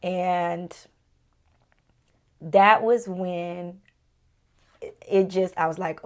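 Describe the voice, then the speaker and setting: A woman's voice: fairly low pitch, fairly even intonation, extremely slow, pauses often, clean tone. A woman in her thirties, a podcast co-host, candidly telling a personal story with emotion, dropping to a near-whisper at tender points.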